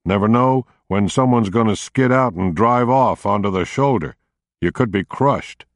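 A man voicing a friendly, slightly awkward male state trooper with an upstate New York accent, speaking in a folksy, halting way. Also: lowish voice, no room sound, clean studio sound, voice pushed up, close to an everyday voice. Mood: friendly, uneasy.

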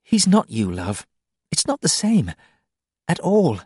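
Man doing a gentle anxious woman, soft and quiet, lively raised pitch, dry close sound, slow. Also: breathy edge, no room sound, full character voice. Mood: tender. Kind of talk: audiobook character voice.

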